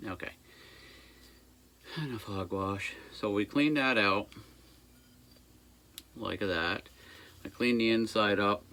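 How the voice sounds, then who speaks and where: A man's voice: on the low side, takes it slowly, long pauses, pushed and bright. Folksy man talking through a repair. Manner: folksy, rambling, jokey asides. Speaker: small engine repair shop owner. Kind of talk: casual workshop how-to talk. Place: workshop by a busy road.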